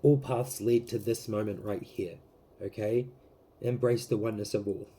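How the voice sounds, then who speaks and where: A man giving a casual tarot reading to camera, rambling with many fillers and gently emotional, close to tears. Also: on the low side, steady tone, moderate pace. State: teary, close to crying. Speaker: tarot reader.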